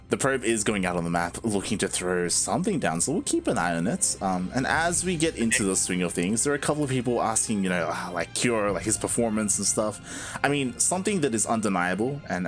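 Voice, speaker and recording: A man's voice: on the low side, very animated, fairly quick, faint music behind. A man casting a live video game match in a casual, chatty way, with lots of fillers and frequent laughs. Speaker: esports caster.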